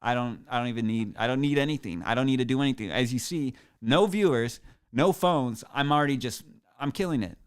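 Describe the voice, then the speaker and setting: A man's voice: medium pitch, expressive, brisk, clean tone. A man hosting a comedic podcast solo, rambling in a boastful, sarcastic, mock-grandiose way. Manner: self-aggrandizing, sarcastic, rambling. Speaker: podcast host.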